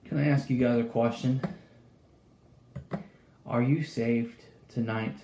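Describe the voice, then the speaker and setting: Male preacher, earnest sermon delivery, dark mellow tone, reverberant room. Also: medium pitch, steady tone, slow pace, a little hiss or hum. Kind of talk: sermon reading Bible verses.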